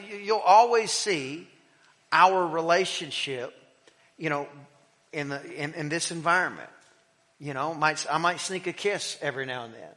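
A middle-aged man preaching in a church, telling a personal story in an animated way that swings between loud emphasis and hushed, quiet passages. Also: a little high. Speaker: pastor. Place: church sanctuary. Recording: long hall reverb with faint music.

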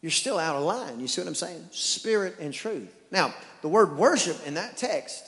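Man, East Texas accent, pastor's sermon, high voice, long reverb. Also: normal speed. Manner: animated storytelling with repeated restarts.

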